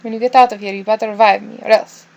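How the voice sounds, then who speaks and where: A woman reading the lines of a grumpy, foul-mouthed young Italian man in a game, gruff and brusque, with a gravelly edge. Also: medium pitch, fairly even intonation, fast talker, darkish tone, dull audio, close to an everyday voice. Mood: grumbling.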